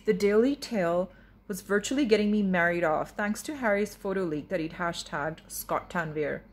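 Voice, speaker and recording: A woman author reading her own novel in the first person, with expressive, wry narration. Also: mid-range voice, normal speed.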